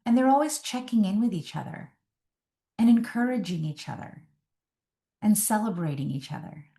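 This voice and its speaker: Looking into the camera, a woman who coaches on relationships offers advice deliberately, using emphatic pauses. Her medium-pitched voice is warm and creaky, and she sounds animated.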